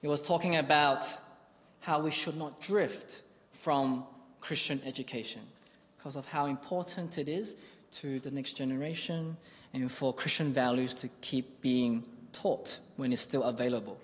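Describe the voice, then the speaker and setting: A man's voice: mid-range voice, fairly even intonation, normal speed, big-room sound. A man preaching a sermon, telling a personal story in an earnest, conversational way.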